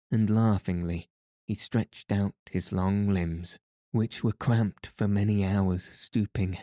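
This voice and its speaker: A man's voice: fairly low pitch, fairly even intonation, mellow, no room sound, studio quality. A man reading a bedtime story aloud as a sleep podcast narrator, in a soothing way. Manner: slow, soothing.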